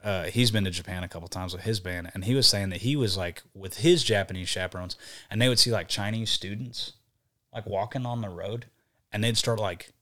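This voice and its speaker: Young male podcast guest, low-ish voice, loose profane anecdotes told with energy. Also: brisk. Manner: profane, animated storytelling. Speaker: podcast guest, band vocalist. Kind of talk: casual podcast chat.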